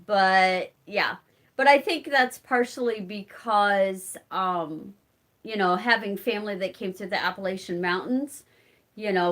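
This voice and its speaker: With a medium-pitched, somewhat bright voice and a Southern Illinois accent, this channel host from a rural community reads her live chat aloud. She chats casually, replies to viewers by name and laughs a lot.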